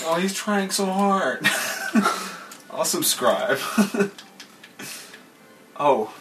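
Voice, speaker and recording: A man's voice: high-pitched, animated, very slow, pauses often, music in the background. A man co-hosting a podcast in casual joking chat, teasing and often breaking into giggles. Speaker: podcast co-host. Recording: distant mic with clear noise.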